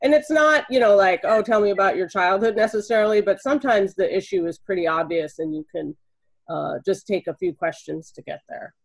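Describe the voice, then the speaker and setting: A woman's voice: medium pitch, a little fast, creaky, rough recording. A woman speaks on a webinar panel as a jury consultant, explaining her methods through stories from past cases. Her delivery is conversational and easy. She is heard over a video call.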